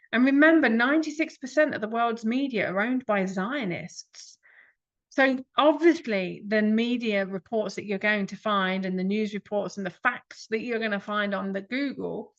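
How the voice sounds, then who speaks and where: A woman giving an earnest reflective talk, pressing her listeners with rhetorical questions. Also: medium pitch. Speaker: speaker. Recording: dull lo-fi recording.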